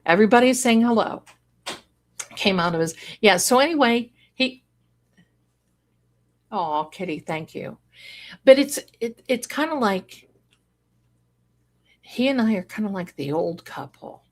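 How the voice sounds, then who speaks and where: A woman's voice: medium pitch, animated, unhurried, long pauses. A middle-aged woman hosting a casual live stream, chatting with viewers in a rambling way and breaking into song and laughter. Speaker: livestream host.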